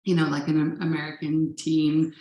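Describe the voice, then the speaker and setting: A woman's voice: deep voice, monotone, moderate pace, dark tone. A woman telling a personal story at a live event, in a casual, profane manner with frequent laughs. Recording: roomy live room echo.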